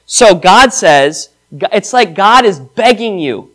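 Emphatic preacher, man, slightly high voice. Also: expressive, slow pace, fairly bright tone. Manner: emphatic preaching, reads scripture aloud, asks congregation questions. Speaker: pastor. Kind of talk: sermon.

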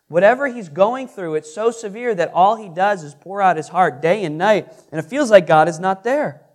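A man leads a Bible study in a high, earnest voice. He pauses to put questions to the listeners and stumbles over repeated words. When he quotes scripture, his delivery swells with emphasis. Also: expressive. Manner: earnest, repeats and restarts, reads scripture aloud with rising emphasis. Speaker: pastor teaching a Bible class. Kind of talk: interactive sermon with questions to the audience.

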